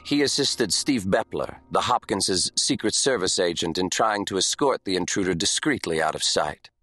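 Low-voiced man narrating a thriller. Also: lively intonation, moderate pace, bright, forceful tone, soft background music. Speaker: audiobook narrator. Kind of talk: scripted narration.

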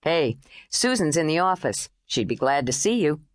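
A woman narrator voicing a calm, kind male pilot in an audiobook, steady and gentle. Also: moderate pace, no echo, studio quality. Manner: steady, gentle and low-key. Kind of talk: audiobook character voice.

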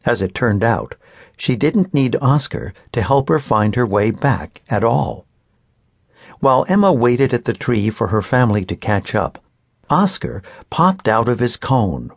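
A man narrating a children's audiobook in an expressive storytelling manner. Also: medium pitch, unhurried, vocal fry, no echo, studio quality. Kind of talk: scripted narration of a children's book.

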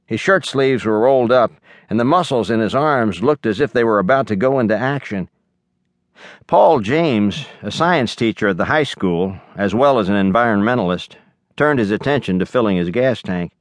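A man's voice: on the low side, expressive, normal speed, no room sound. Man narrating an audiobook, dry studio sound. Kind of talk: scripted narration. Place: recording studio. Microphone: studio mic, close.

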